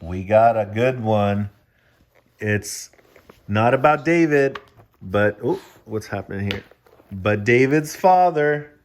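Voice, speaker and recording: A man's voice: on the low side, expressive, takes it slowly. A man reading a children's picture book aloud, breaking off for joking asides to the kids listening. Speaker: children's story reader.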